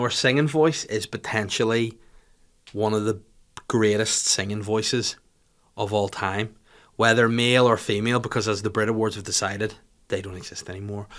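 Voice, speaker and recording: Man ranting comedically. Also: on the low side. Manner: animated, swearing, joking rants. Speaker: podcast host. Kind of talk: casual comedic chat. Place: podcast studio.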